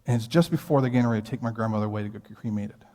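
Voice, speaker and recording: A man's voice: on the low side, racing, dark tone. A man in his thirties with an American accent, preaching a sermon as a pastor and telling a personal story in an earnest, conversational way. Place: church sanctuary. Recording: long hall reverb.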